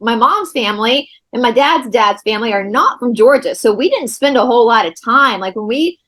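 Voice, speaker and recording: A woman's voice: a little high, animated, brisk, fairly bright tone. Chatty woman hosting a podcast. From Southeastern United States. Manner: chatty, rambling storyteller. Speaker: podcast host. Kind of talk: casual chat.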